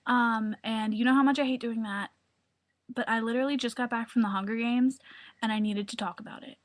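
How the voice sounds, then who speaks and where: A woman's voice: on the high side, fairly even intonation, a little fast. Gushing young woman on a webcam. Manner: gushing, breathless, full of filler words. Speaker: vlogger. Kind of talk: excited casual webcam vlog. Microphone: webcam mic.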